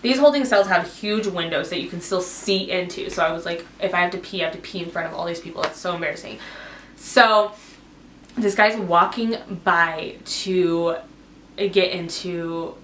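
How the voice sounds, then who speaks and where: A young woman rambles through an emotional storytime, her voice sitting a little low for a woman and filled with "like". She talks in an echoey indoor room. There is a faint hiss of noise underneath. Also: moderate pace, fairly bright tone. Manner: rambling, emotional retelling full of "like". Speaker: vlogger. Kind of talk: casual storytime.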